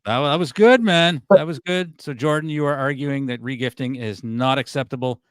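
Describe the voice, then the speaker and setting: A man's voice: medium pitch, a little fast, a bit bright, clear, resonant tone, no echo. A man hosting a comedy podcast, moderating a mock debate in a laid-back way, often laughing.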